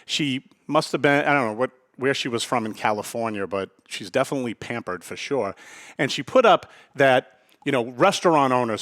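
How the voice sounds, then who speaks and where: A man talks in a casual podcast monologue, blunt and emphatic, circling back to his points and dropping the odd curse. His pitch moves around a lot as he drives each point home. The sound is dry and close, with no room echo. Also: fairly bright tone. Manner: blunt, emphatic, repeats himself, swears. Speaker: podcast host and restaurant owner.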